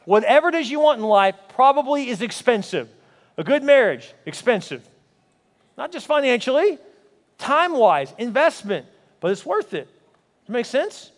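A man's voice: very high-pitched, very animated, normal speed. A man preaching a sermon as pastor, telling a story and then building up with emphatic repeated rhetorical questions. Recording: hall reverb.

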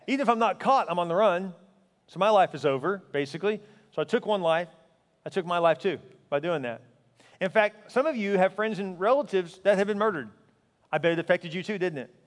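A pastor preaching a sermon, his voice riding high for a man, earnest and emphatic. He drops at times to a hushed intensity. The sound rings with the long reverb of a big sanctuary.

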